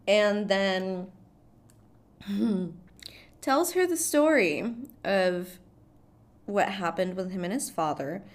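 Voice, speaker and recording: Chatty, swearing woman recapping a film. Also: on the low side. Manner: chatty, profane, laughs often, animated reactions.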